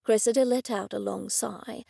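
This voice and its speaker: Gravelly woman narrating an audiobook. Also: mid-range voice, steady tone, normal speed, dark tone, dry recording, studio quality. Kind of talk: scripted narration.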